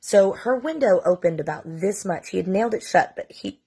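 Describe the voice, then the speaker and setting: A woman's voice: medium pitch, expressive, fairly quick, dark tone, husky. A woman in her forties, a mother, casually telling a long family story into her phone, chatty and full of "like". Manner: casual, chatty, sprinkles in "like" and mild swearing. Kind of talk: storytime vlog.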